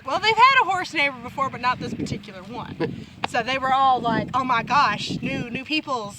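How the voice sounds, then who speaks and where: A woman's voice: sits high, noisy background. A woman chatting on her farm vlog, laughing often and playfully voicing her animals. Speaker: homesteader filming her farm. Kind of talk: casual farm vlog chat. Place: outdoors on a farm pasture.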